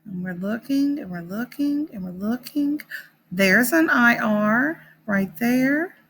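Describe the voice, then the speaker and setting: A woman teaches young children to read, stretching each word out and sounding it out piece by piece. Her voice is bright and sits a little high. She speaks at a very slow, patient pace. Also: lively intonation, slight background noise. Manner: sounds out words slowly and encouragingly.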